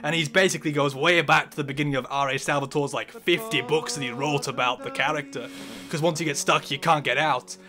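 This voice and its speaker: An eager guest rambles through a casual discussion, his bright voice pitched slightly high for a man. He talks with rambling enthusiasm and leans on "like" between phrases. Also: fairly even intonation, brisk.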